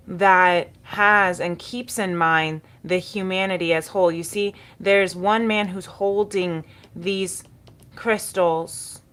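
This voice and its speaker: A woman's voice: on the low side, a bit bright. A woman giving a spiritual tarot reading, speaking in a soothing, encouraging way and repeating key words. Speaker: tarot reader.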